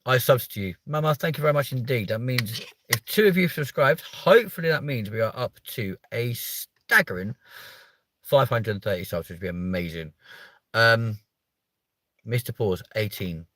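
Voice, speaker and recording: A man's voice: medium pitch, expressive, normal speed, fairly bright tone, no room sound. Mock-offended British man in his thirties. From United Kingdom. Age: 30s. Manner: playful, mock-offended, swears casually. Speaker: livestream host. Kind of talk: casual live chat reading viewer comments.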